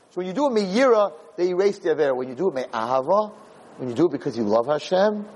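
Animated man preaching a storytelling sermon. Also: a little high, quick pace, breathy edge, poor audio. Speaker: Jewish lecturer.

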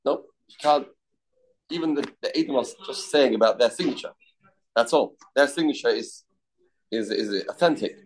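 A man's voice: mid-range voice, moderate pace, slight background noise, poor audio. A man teaching a daily Talmud class, explaining loosely with restarts and of terms.

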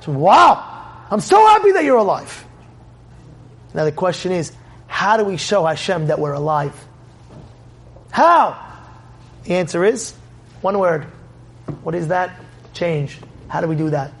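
A man giving a sermon, telling a story in an animated way and acting out its scenes. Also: a little high, unhurried, pauses often, husky. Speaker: religious speaker.

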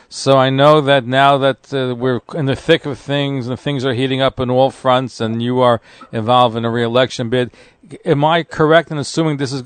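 A man's voice: mid-range voice, clear, resonant tone, no room sound. A man hosting a radio interview, friendly and jokey, telling anecdotes to his guest. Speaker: radio show host.

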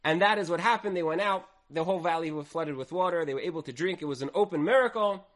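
A man giving an animated Torah lesson, telling the story dramatically and acting out quoted speech with swings in loudness. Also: a little high, fast talker. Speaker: Torah teacher.

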